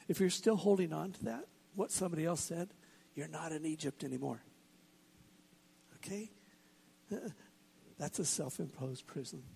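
A man's voice: fairly high pitch, vocal fry, darkish tone, slight background noise. A man preaching a sermon as a pastor, earnest and building to emphatic points.

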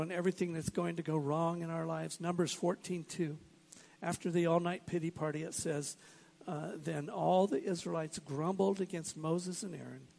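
A man's voice: on the high side, creaky, a little mellow, husky. A man preaching a sermon as a pastor, earnest and building to emphatic points.

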